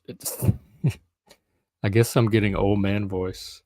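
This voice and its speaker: A man's voice: fairly low pitch, little pitch movement, slow pace, a little mellow, dry recording. A middle-aged man hosting a casual solo live stream, rambling and hesitant with frequent ums.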